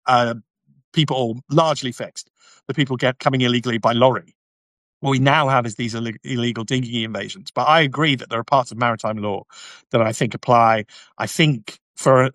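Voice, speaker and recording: In a mid-range, fairly bright voice with no echo, a man runs a casual livestream for his YouTube channel. He goes through viewer comments, giving blunt answers and sardonic asides.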